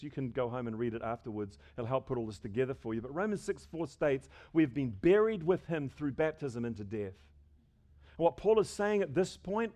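Emphatic preaching man, slightly high voice. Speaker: pastor. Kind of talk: sermon.

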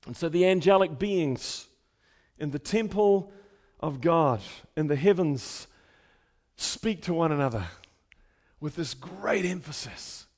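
A man preaching a sermon, moving between quiet conversational asides and rhetorical questions and loud, shouted emphasis. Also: a little high, lively intonation, takes it slowly.

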